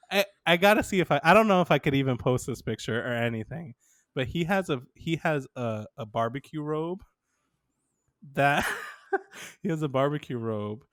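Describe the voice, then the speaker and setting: A man with a mid-range voice co-hosts a podcast, chatting casually and telling stories animatedly, laughing often and acting out quotes. The recording is dry with clean studio sound.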